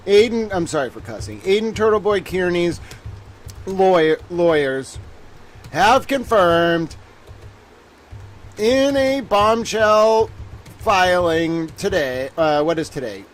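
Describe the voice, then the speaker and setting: A man with a high-pitched voice hosts a solo livestream, ranting in a theatrical, exasperated way. He swears freely and says the same thing over and over. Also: lively intonation, takes it slowly, fairly bright tone. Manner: exasperated, theatrical, swears often, repeats himself. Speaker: livestream legal commentator.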